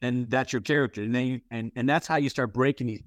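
A man's voice: medium pitch, steady tone, quick pace, no echo. A man giving acting advice in a casual interview, rambling and full of restarts. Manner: candid, swears casually. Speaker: interviewer, playwright and actor.

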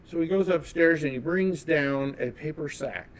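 A man from California telling a personal story as an interview guest, animated and acting out the dialogue. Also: a little high, moderate pace. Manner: animated, acts out quoted dialogue.

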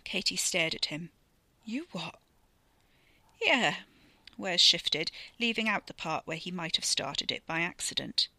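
A woman narrating a story podcast, her voice bright and on the lower side. She reads in a steady storytelling manner, close and dry with no room around her. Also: moderate pace, creaky, few pauses, dry recording.

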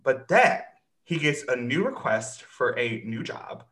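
Animated man in an echoey room. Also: mid-range voice, measured pace. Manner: animated, swearing, acts out characters. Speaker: podcast host recapping a show. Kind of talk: casual chat.

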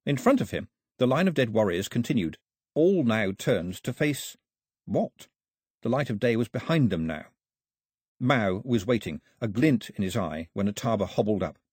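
A man reads an audiobook in a measured, storytelling way. His voice is husky and his pitch moves freely. The recording is dry and close. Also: sing-song, darkish tone, no echo. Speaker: audiobook narrator. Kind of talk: scripted narration.

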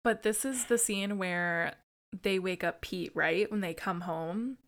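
A woman's voice: on the low side, measured pace, fairly bright tone. A woman co-hosting a podcast, chatting casually about a film, swearing freely and acting out quotes. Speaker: podcast co-host.

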